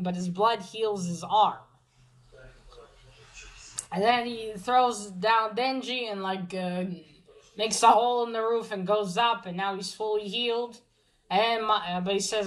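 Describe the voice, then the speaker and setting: A woman's voice: medium pitch, takes it slowly, rough recording. A woman giving a casual spoken manga review, rambling through the plot with many fillers and restarts, then gushing over the art. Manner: gushing when pointing out cute art.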